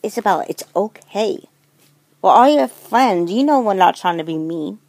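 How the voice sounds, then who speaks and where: A woman voicing a schoolteacher who calms her class in a soothing, coaxing way. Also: mid-range voice, moderate pace, creaky, no room sound.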